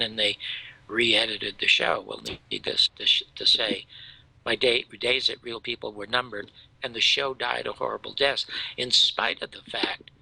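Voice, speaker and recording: An older man telling stories in casual chat, animated, jumping from loud outbursts to hushed asides, with a gravelly voice. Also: medium pitch, no echo, low-quality recording. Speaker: show host telling stories.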